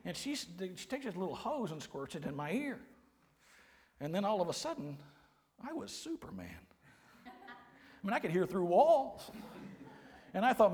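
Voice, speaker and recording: A man, preaching a sermon with folksy, humorous storytelling and quiet, earnest emphasis. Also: sits high, huge pitch swings, moderate pace, long pauses. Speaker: pastor. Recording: long hall reverb.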